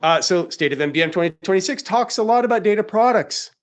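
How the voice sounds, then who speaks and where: A man's voice: high-pitched, animated, quick pace. A man hosting a live webinar, talking in an emphatic, rhetorical way and firing off questions that he answers himself. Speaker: webinar host.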